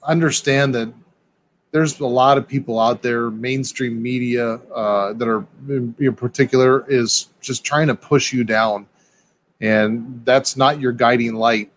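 An excitable man rambling through a casual podcast chat, stumbling over restarts and calling everyone dude. His voice is mid-pitched and easygoing. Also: measured pace.

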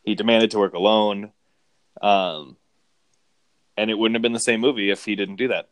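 A man casually discussing a movie, rambling and animated. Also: on the low side, normal speed, no echo. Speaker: film podcast co-host.

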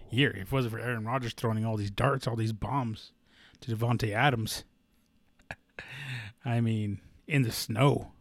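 A young man riffing on football as a show host, loose and excitable, swearing freely and stacking fillers. His voice sits at an ordinary middle pitch. It sounds dry and close, with no room around it. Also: no echo. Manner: rambling, excitable, profane, filler-heavy. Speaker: sports podcast host. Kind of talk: casual sports talk.

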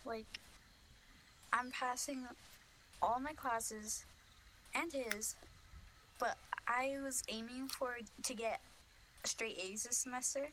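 Young woman podcast co-host, bright slightly high voice, rambling story with fillers, faint background noise. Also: steady tone, takes it slowly, long pauses, low-quality recording. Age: young adult. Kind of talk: casual chat.

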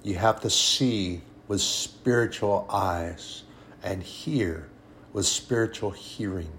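A man preaching a sermon with emphatic delivery, swinging between hushed and raised passages. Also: sits low, takes it slowly, slight background noise.

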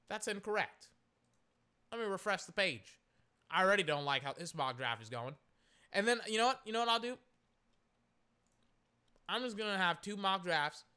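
Brief: high, bright male sports commentator, exasperated solo rant, keeps correcting himself. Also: clear, resonant tone.

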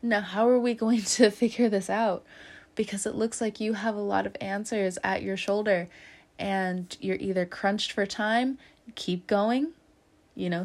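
A woman giving a casual tarot reading straight to her listener. She laughs often and calls the listener fam and homie. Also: mid-range voice. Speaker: tarot reader.

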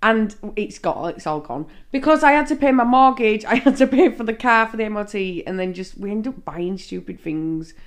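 A woman's voice: mid-range voice, expressive. A chatty woman in her thirties with a Yorkshire accent, co-hosting a casual podcast and teasing her partner. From Leeds, England. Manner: chatty, teasing, quick to laugh. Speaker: podcast co-host. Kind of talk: casual chat.

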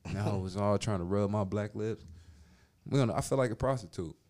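A man's voice: fairly low pitch, fairly quick, darkish tone. Man telling a crude story, bursting into laughs. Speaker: podcast storyteller. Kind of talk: casual chat.

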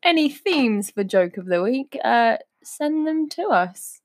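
A woman's voice: fairly high pitch, very animated, takes it slowly. A woman co-hosting a comedy podcast, chatty and teasing. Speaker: podcast co-host.

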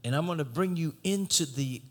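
A man preaching a sermon, swinging from shouted exhortation to low conversational teaching. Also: fairly quick.

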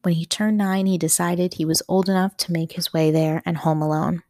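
A woman reading a novel aloud as an audiobook narrator, calm and measured. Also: on the low side, no echo, clean studio sound.

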